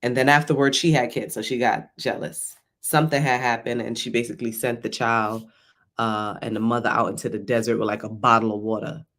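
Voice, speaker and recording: A man's voice: medium pitch, level tone, a little fast, a bit bright. Chatty man giving a motivational talk. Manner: conversational, rambling, often asks "right?". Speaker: vlogger.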